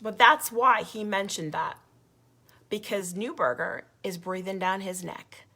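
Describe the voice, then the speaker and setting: A woman's voice: medium pitch, a little slow, bright, forceful tone, husky. A woman giving a passionate, indignant update to her group's followers, emphatic and given to repeating herself. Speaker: grassroots group leader. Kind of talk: impassioned video update.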